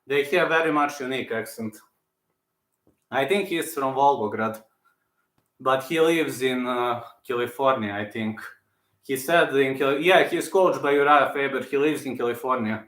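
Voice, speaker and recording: A man chatting casually on a live stream, answering viewers and circling back to repeat his points. His voice is bright and forward. The room adds a noticeable echo. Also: medium pitch, moderate pace. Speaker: channel host. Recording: roomy echo.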